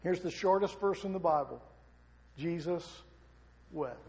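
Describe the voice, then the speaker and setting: A man's voice: on the high side, a little slow, darkish tone, slight background noise. A middle-aged male pastor preaching a sermon with passion, asking his listeners question after question. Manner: impassioned preaching with rhetorical questions. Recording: long reverb of a large hall.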